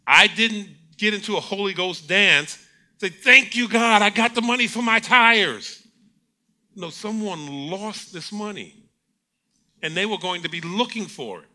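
A middle-aged man preaching a sermon, telling stories with acted-out quotes and frequent laughter. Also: high-pitched. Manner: animated storytelling preacher, acts out quotes, laughs often. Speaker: pastor.

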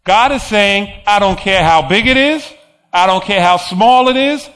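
A man's voice: high-pitched, measured pace, fairly bright tone. A man preaching a sermon, emphatic, repeating phrases and chuckling between points.

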